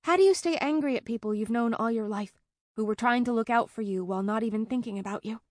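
A woman voicing a courteous young woman companion who speaks gently and a little wryly. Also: fairly high pitch, quick pace, no echo, clean studio sound, close to an everyday voice. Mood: rueful.

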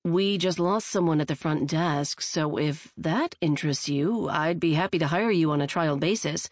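A woman's voice: low voice, moderate pace, dry recording, studio quality. A woman voicing a courteous male hotel manager with a polite, businesslike manner.

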